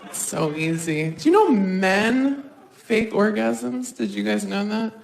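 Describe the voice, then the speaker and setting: Animated woman doing stand-up, roomy. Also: mid-range voice, creaky. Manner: animated, acts out quick voices for others. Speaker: stand-up comedian. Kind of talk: stand-up comedy set. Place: live comedy stage. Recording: roomy live stage sound.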